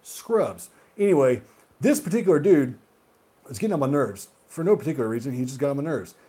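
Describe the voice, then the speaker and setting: A man hosting a gaming video who rants heatedly and profanely, swinging between loud outbursts and muttered asides. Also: mid-range voice, expressive, brisk, breathy edge. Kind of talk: solo rant monologue.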